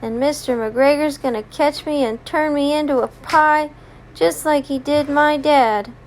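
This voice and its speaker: A woman's voice: high voice, a little slow, slight background noise. A woman doing a scared little boy rabbit. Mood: worried regretful. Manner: worried, remorseful. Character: naughty young boy rabbit, scared and sorry.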